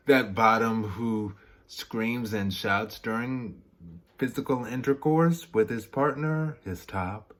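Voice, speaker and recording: A man vlogging casually to camera, rambling and interrupting himself, laughing at his own remarks. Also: mid-range voice. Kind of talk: casual candid chat to camera.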